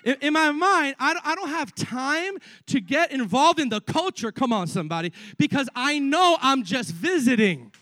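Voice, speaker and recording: An excitable young male preacher with a very high voice, delivering an energetic sermon full of stammered repeats and asides to the crowd. The sound is dry and close, with no room echo. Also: moderate pace, few pauses. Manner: excitable, repeats words, frequent asides to the congregation.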